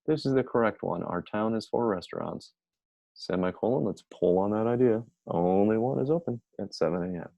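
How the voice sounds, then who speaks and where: Gravelly, low-voiced man teaching grammar. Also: moderate pace, dry recording, muffled recording. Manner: chatty, energetic, thinks aloud. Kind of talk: casual grammar lesson.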